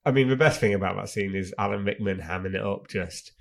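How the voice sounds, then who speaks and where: A man's voice: on the low side, quick pace, gravelly. A British man co-hosting a casual film podcast, chatting about a movie and its scenes. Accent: British English. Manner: chatty, reads out film lines with laughs. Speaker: podcast co-host. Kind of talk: casual film review chat.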